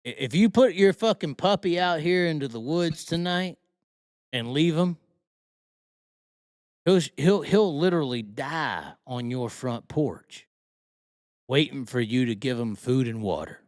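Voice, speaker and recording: A man's voice: fairly high pitch, lively intonation, a little slow, pauses often, a little mellow, no echo, studio quality. A man hosting a live talk show, ranting heatedly with constant swearing and rhetorical questions. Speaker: host. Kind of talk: profane live-stream rant.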